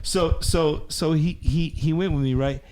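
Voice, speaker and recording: Guy hosting, voice a bit high, rambly and profane, says everything three times. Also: steady tone, unhurried, warm tone. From Texas. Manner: rambling, profane, repeats himself. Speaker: host. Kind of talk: loud storytelling in group chat.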